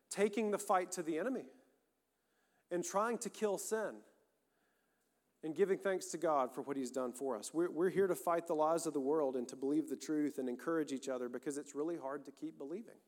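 Guy preaching a sermon, gets loud and intense in bursts, long reverb in the sanctuary. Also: fairly high pitch. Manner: earnest, emphatic preaching with rising bursts. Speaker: pastor. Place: church sanctuary.

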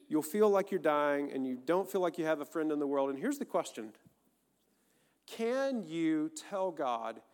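A man preaching a sermon, earnest and conversational, speaking directly to his listeners. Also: a little high. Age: adult, married. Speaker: pastor. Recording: long reverb of a large hall.

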